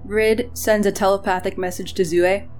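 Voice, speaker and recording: A woman playing a tabletop game, describing her character's moves in a wry, quick way. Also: mid-range voice, fairly even intonation, a little mellow, soft background music. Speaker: player.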